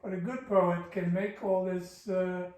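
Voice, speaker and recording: A man's voice: high-pitched, steady tone, a little mellow. A man teaching classical Persian poetry, patiently explaining its meter and sounding out each syllable. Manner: slow, careful scansion, sounding out syllables. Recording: echoey room, voice from a distance.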